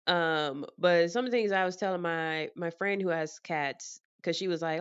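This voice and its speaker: A woman vlogger chatting casually to camera from her apartment, telling animated stories and laughing often. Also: mid-range voice, normal speed, clean tone, lo-fi sound.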